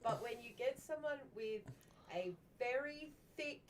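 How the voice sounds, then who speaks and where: Playful woman with a high voice. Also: expressive, a little slow, far from the mic, a little hiss or hum. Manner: playful, joking, teasing. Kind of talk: casual chat.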